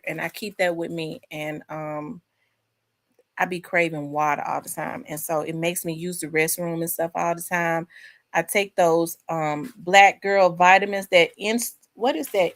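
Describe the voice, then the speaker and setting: Chatty woman, low-pitched. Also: steady tone, normal speed. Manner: chatty, rambling, addresses viewers as y'all. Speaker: host. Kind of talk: casual chat with live viewers.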